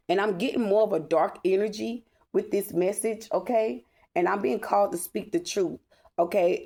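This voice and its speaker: Over and over she asks "okay?" as she lays out tarot cards for her spiritual vlog, speaking bluntly, emphatically, and with free swearing. Her voice is medium in pitch and a little mellow.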